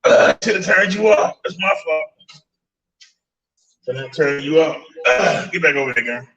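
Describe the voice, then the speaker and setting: A man's voice: on the high side, lively intonation, moderate pace, fairly bright tone, reverberant, highs cut off. A man casually demonstrating an e-bike in a vlog, chatty, laughing and talking to his viewers. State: out of breath. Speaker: fitness and e-bike vlogger.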